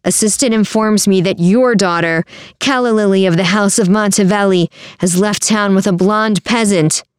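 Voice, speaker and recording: A scheming, puffed-up middle-aged nobleman, as a woman reads him out in a storybook. He gloats and wails with put-on grief, his voice smooth and clear. The sound is close and dry. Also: medium pitch, normal speed, dry recording, lightly acted. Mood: gloating accusation. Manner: mock-grief wailing, gloating. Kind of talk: storybook character reading.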